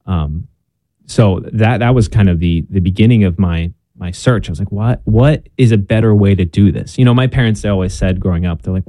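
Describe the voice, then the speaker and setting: Young male guest, earnest, self-deprecating storyteller; low warm voice, dry sound. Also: fairly quick, dry recording. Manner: earnest, self-deprecating, with frequent ums and restarts. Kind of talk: casual conversation about faith.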